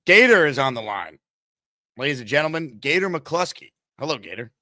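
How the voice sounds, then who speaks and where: A man's voice: on the high side, sing-song, a little fast, bright, forceful tone, no room sound, clean studio sound. A man hosting a call-in sports talk show, chatty and upbeat as he takes callers. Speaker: host.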